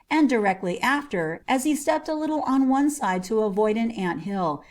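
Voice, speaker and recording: A woman narrating a storybook in a gentle, measured way. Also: on the high side. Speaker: audiobook narrator.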